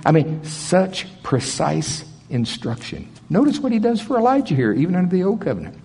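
A man's voice: high-pitched, sing-song, moderate pace, gravelly, dark tone, breathy edge. A middle-aged man preaching a conversational sermon, telling stories in a folksy, plainspoken way and chuckling often. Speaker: pastor. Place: large auditorium. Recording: long reverb of a big auditorium.

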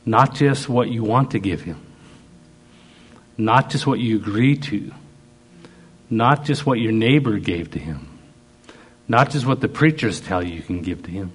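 A man preaching a sermon, slow and emphatic, piling up repeated phrases. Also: on the low side, breathy edge.

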